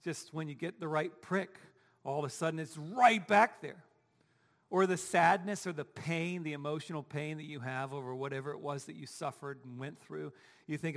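A pastor, a man, delivers a conversational sermon in a slightly high voice with a gravelly edge. He keeps turning to the congregation with rhetorical questions. His words ring out with the long reverb of a church hall. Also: moderate pace. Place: church sanctuary.

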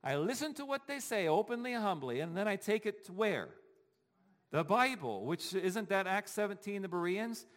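Guy preaching at church, kinda high voice, lots of hall echo, keeps asking the crowd if they get it. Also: very animated, normal speed. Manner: conversational, keeps checking in with the congregation. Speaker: pastor. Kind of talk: sermon. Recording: long hall reverb.

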